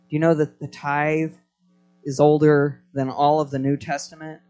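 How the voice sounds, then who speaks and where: A man's voice: on the high side, a little mellow. A man preaching a live sermon to a congregation, telling stories with energy and prompting the crowd to respond. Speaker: pastor.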